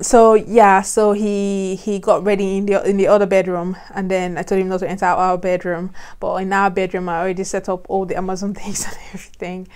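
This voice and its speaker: A woman's voice: medium pitch, a little mellow. A young woman from Nigeria, a vlogger telling a personal story in a chatty way and laughing often. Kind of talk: casual storytelling.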